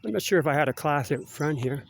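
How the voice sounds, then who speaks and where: A middle-aged Canadian man with a fairly high, expressive voice talks fast with some vocal fry, a little hiss or hum in the recording. He's a vlogger rambling casually as he walks around school grounds outside, chatty and tagging "eh?" onto his phrases.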